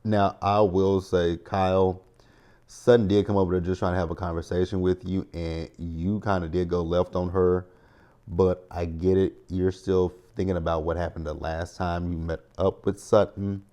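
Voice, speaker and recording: A man's voice: low-pitched, flat delivery, normal speed, mellow. A man in his thirties giving a chatty, opinionated recap of a reality show, talking straight to his viewers. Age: 30s. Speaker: TV recap host.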